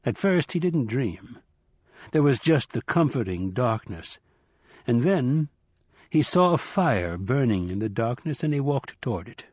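Male audiobook narrator, measured and husky, dry booth sound. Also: medium pitch, dry recording. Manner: measured, even storytelling. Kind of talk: scripted narration. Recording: slightly dull dry recording.

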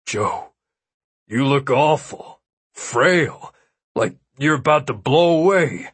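A man's voice: mid-range voice, animated, takes it slowly, a bit bright, breathy edge, dry recording, exaggerated voice. A man voicing a nervous, worried man fussing over a friend. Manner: anxious, hovering.

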